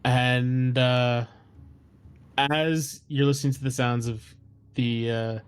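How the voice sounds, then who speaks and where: A man's voice: mid-range voice, fairly even intonation, slow pace, clean tone. A man narrating a tabletop game as game master, loose and descriptive. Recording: faint background music.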